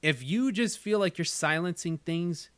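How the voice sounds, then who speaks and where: Earnest man thinking out loud. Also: a little high, unhurried, clear, resonant tone, no room sound. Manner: earnest, repeats phrases while thinking aloud. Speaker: channel host. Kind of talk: casual chat.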